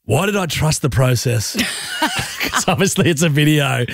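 A man's voice: on the high side, animated, moderate pace, vocal fry, dry recording, clean studio sound. Laughing radio host, man. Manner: laughs often, teasing. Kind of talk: casual radio banter.

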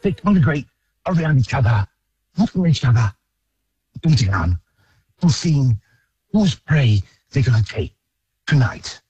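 A male caller doing an impression of an older nature documentary narrator with slow, drawn-out phrasing. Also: medium pitch, big pitch swings, darkish tone, slightly rough, no room sound, highs cut off, exaggerated voice. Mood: hushed solemn.

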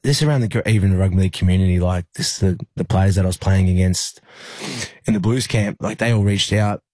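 Young Australian male athlete, low husky voice, dry close sound, halting storyteller. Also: darkish tone, no room sound. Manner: halting, lots of fillers and restarts. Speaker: interview guest, rugby league player. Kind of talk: emotional personal storytelling.

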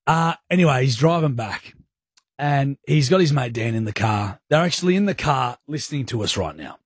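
Man, Australian accent, radio co-host, husky voice, dry close studio sound, relaxed storytelling. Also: mid-range voice, moderate pace, no room sound. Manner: laid-back, storytelling, teasing. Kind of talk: casual on-air banter.

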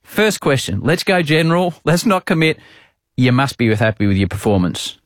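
A man's voice: medium pitch, moderate pace, no room sound. A middle-aged Australian man hosting a podcast, telling self-mocking broadcasting stories in casual chat. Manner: animated, self-mocking storyteller. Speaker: podcast host, sports broadcaster.

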